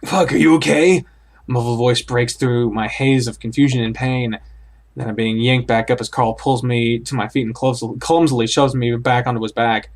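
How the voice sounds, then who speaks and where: A man's voice: medium pitch, flat delivery, moderate pace. A man reading a horror visual novel aloud in the first person, acting it out and blurting out startled reactions. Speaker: let's play host.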